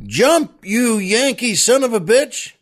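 Man doing a brash Texas oil man shouting. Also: sits high, lively intonation, a little slow, voice pushed up. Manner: shouting up, hearty.

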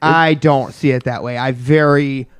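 A man co-hosting a casual podcast, goofy and given to loud mock shouting. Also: mid-range voice, fairly even intonation, unhurried, clean tone, dry recording, clean studio sound. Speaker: podcast co-host. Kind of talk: casual chat.

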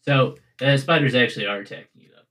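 Relaxed man narrating as game master. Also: mid-range voice, quick pace. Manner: relaxed storytelling with frequent fillers.

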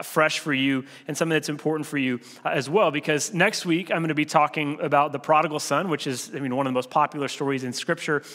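A man giving a sermon as pastor, talking in a relaxed, conversational way with frequent filler restarts. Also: a little high. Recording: long hall reverb.

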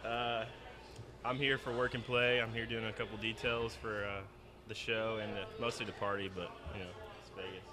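A man's voice: on the low side, level tone, normal speed. A man from Oklahoma, a podcast guest, chatting casually and joking about himself. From Oklahoma, USA. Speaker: podcast guest, mobile detailer. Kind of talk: casual chat.

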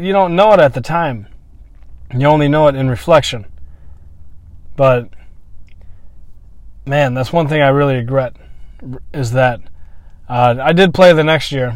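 A man telling a personal story in a candid, reflective monologue, swearing freely and pausing to restart his thoughts. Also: medium pitch, dry recording.

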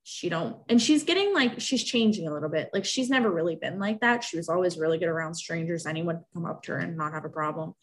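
A woman's voice: fairly low pitch, fast, few pauses. A young woman telling a personal story in casual talk, emotional and rambling, with many restarts.

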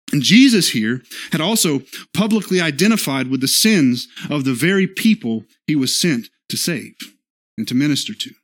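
A man preaching an earnest sermon as pastor, often checking in with his listeners and slowing down to quote scripture. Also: fairly high pitch, a bit bright. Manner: slows for scripture quotes, acts out short dialogue.

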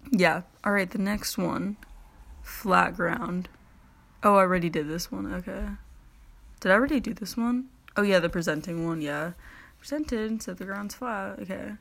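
A woman's voice: fairly low pitch, creaky, fairly bright tone. A teenage girl hosting her own podcast, chatting casually and rambling, with lots of "like" and restarts as she tells stories. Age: teens. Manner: rambling, heavy use of "like", frequent restarts. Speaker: podcast host. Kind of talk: casual solo podcast chat.

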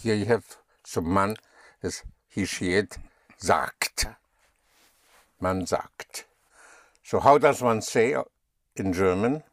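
Slow, patient male German teacher. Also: lowish voice, no room sound, clean studio sound. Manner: patient, spells out words and repeats them. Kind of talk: slow language lesson.

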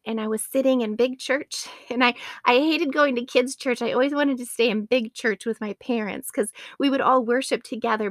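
A woman's voice: on the high side, fairly bright tone, dry recording, clean studio sound. A woman in her late thirties hosting a faith podcast, earnest and addressing her listeners as friends. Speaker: podcast host.

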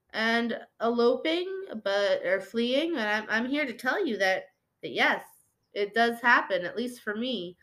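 A woman hosting her own podcast, talking candidly and rambling, swearing freely and restarting her sentences, a little high while recording. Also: a bit bright. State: slightly high. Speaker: podcast host. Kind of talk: casual personal podcast monologue.

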